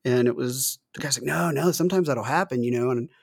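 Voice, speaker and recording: A man's voice: mid-range voice, fairly quick, gravelly. A middle-aged man co-hosting a casual chat, telling loose, profanity-heavy stories and laughing through them. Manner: loose storytelling, swears often, laughs through his stories. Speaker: podcast co-host.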